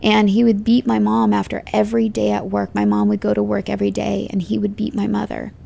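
Woman, actress interviewed, very gravelly fry, dark mellow tone, expressive and chatty. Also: medium pitch, fairly quick. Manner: chatty and expressive, laughs easily. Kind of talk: casual interview conversation.

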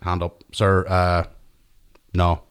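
A man's voice: sits low, completely flat delivery, takes it slowly, clean tone. A man in casual, sweary chat, laughing often as he tells a story from school.

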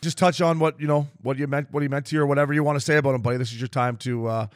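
A man's voice: mid-range voice, fairly even intonation, rapid-fire. A man hosting a podcast chat, brash and swearing freely. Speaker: podcast host. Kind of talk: casual podcast talk.

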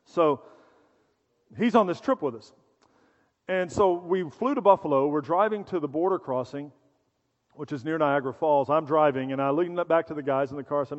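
A man's voice: fairly high pitch, normal speed. A middle-aged male pastor preaching a sermon in a conversational, storytelling way, with humor and acted-out voices. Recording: dull sound in a reverberant hall.

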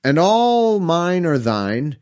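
A man reading scripture aloud slowly and breaking off into wry, self-mocking comic riffs. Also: a little high, sing-song, darkish tone. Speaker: comedic scripture reader.

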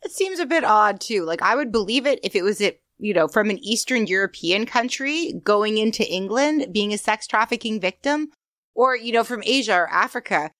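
A woman co-hosting a true crime podcast, reading prepared notes in a measured, skeptical way. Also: medium pitch, lively intonation, fairly bright tone, no echo. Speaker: podcast co-host.

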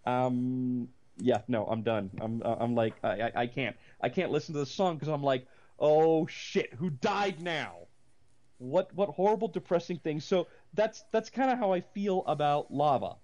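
A man, possibly middle-aged, co-hosting a casual movie chat, rambling with many restarts and breaking into animated rants. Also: medium pitch, normal speed, hardly any pauses. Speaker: podcast co-host.

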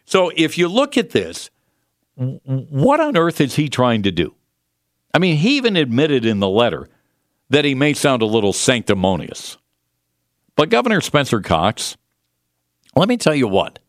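A man's voice: medium pitch, huge pitch swings, moderate pace, pauses often, no room sound, studio quality. A man hosting a political talk radio show, delivering a combative, sarcastic monologue with mocking asides.

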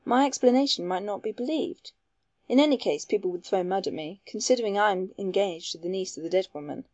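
A woman reading the part of a young gentleman under suspicion, who talks back in an impatient, defensive way. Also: mid-range voice, fairly quick, no room sound, dull audio, close to an everyday voice.

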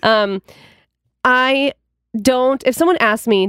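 A woman's voice: on the high side, animated, fairly quick, no echo, studio quality. A young woman in casual podcast chat, blunt and profane, acting out quoted exchanges with friends.

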